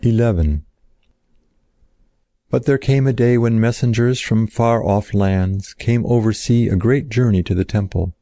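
A man reading an old-fashioned story aloud in a slow, solemn narrating style. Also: on the low side, dark tone, no room sound.

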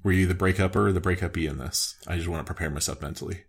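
A man's voice: low-pitched, fairly even intonation, fast, vocal fry, breathy edge. A man in his thirties co-hosting a podcast in casual chat, with a dry, self-deprecating manner. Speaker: podcast co-host.

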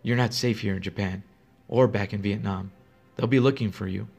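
A frightened young nurse , as a man narrating puts her on, speaking in a trembling hush. Every warning comes out urgent and secretive. Faint music plays under the voice. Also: on the low side, brisk, close to an everyday voice. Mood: fearful hushed.

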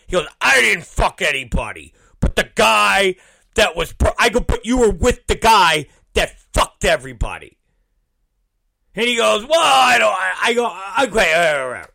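Animated man ranting through a story. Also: moderate pace, gravelly, no echo. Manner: acts out both sides of conversations, swears constantly; animated, mimics others in low mumbling voices. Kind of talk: profane storytelling rant.

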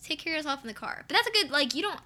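A woman's voice: sits high, very animated, very fast, bright, forceful tone, a little hiss or hum. A woman hosting a casual chat, reacting briefly and telling a short anecdote.

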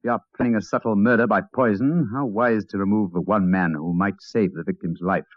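An actor playing a clipped, precise detective in an old radio drama. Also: male voice, fairly low pitch, steady tone, brisk, no room sound, close to an everyday voice. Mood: incisive. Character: brisk, incisive detective Sherlock Holmes, man. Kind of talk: 1940s radio acting. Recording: dull dry old radio broadcast.

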